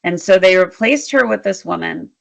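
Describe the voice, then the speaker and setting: A woman interview guest, a leadership strategist, telling work stories in an animated, emphatic way. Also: lowish voice, moderate pace, vocal fry. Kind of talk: storytelling in a conversational interview.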